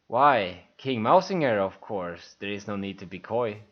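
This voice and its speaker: A man's voice: fairly low pitch, animated, measured pace, lo-fi sound. A man doing a silky, scheming royal emissary. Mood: sly.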